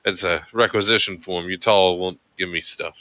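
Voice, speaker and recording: A man's voice: sits low, steady tone, normal speed, pushed and bright. A man playing a tabletop game, speaking casually and a little hesitantly. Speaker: player. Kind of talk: casual tabletop role-play.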